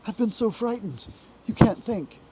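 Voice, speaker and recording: A man's voice: fairly high pitch, normal speed, heavy background noise, close to an everyday voice. A man voicing a small, timid male mole in a storybook reading, with a feeble, plaintive voice. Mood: frightened.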